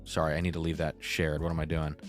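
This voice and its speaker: A man's voice: a bass voice, monotone, quick pace, faint music behind. A young man hosting a casual live stream, chatty and reading viewer comments aloud. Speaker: livestream host.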